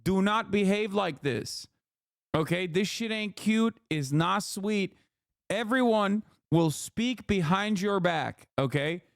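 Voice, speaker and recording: A man's voice: high voice, animated, slow pace, gravelly, no echo, clean studio sound. A man giving heated, profane reaction commentary on a livestream, ranting and mocking what he reads. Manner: mocking quoted voices. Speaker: streamer.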